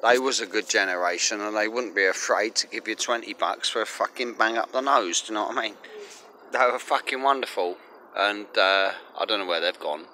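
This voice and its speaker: A man's voice: on the low side, a little fast, bright, forceful tone. Sweary English man rambling outdoors. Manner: rambling and heavily profane. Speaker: vlogger. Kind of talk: rambling casual vlog. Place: outdoors on a street. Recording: outdoor street with faint traffic.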